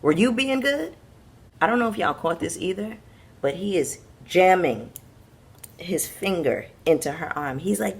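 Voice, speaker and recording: A young woman with a slightly lowered voice recaps reality television with sass and emphasis. She talks straight to her audience, leaning hard on her punchlines. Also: animated, a little slow, breathy edge. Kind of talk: casual recap commentary.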